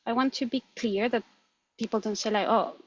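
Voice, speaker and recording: Woman, Colombian accent, Spanish native speaker, animated interview chat, slightly high pitch, dull lo-fi sound. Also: brisk, breathy edge. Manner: animated, laughs often, restarts words. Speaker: guest. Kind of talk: conversational interview.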